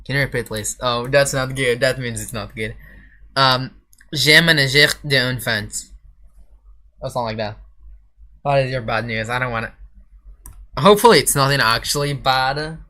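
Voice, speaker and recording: Chatting back to his viewers while constructing a game level, this male streamer rambles and garbles French phrases. His mid-range voice is a bit bright and moves fairly quickly.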